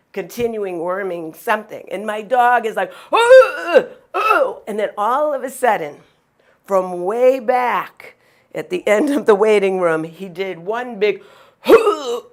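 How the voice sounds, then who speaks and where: An older woman telling stories from her own childhood. She tells them with lively energy and acts out the noises and lines of the people and animals in them. Her voice sits at a typical pitch for a woman. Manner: animated, acts out sounds and quotes. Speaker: storyteller. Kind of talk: personal storytelling.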